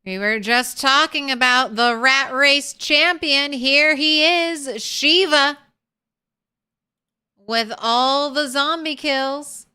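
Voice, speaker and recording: A woman's voice: high-pitched, takes it slowly, sharp tone. A woman streamer chatting casually with viewers while she plays, greeting people by name and talking through her progress. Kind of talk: casual live-stream chat while gaming.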